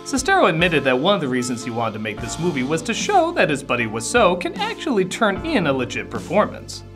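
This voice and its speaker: A man hosting a comedic film review, sarcastic and exasperated, breaking into shouted outbursts. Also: a little high, huge pitch swings, fairly quick, music in the background.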